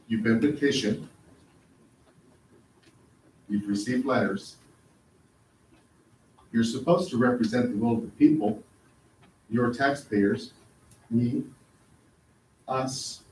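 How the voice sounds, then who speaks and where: A man's voice: medium pitch, slow pace, pauses often, darkish tone, slight background noise. A man speaking at a public hearing, earnest and insistent as he confronts officials. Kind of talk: public comment at a council meeting. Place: council chamber. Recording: echoey hall, mic from a distance.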